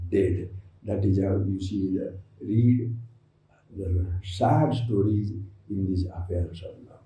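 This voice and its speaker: Deep-toned teasing spiritual teacher, echoey hall. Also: male voice, slow pace, dark tone. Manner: teasing, rhetorical questions, plays out listeners' answers. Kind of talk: spiritual discourse to a camp audience. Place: large hall at an ashram. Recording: echoey hall, voice from a distant mic.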